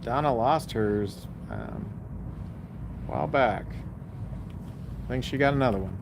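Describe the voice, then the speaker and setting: A woman's voice: rumbling low, wildly swooping pitch, measured pace, vocal fry, background noise. A woman co-hosting a live sewing show, relaying viewer comments in an easygoing way. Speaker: co-host reading viewer comments. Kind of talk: casual live chat.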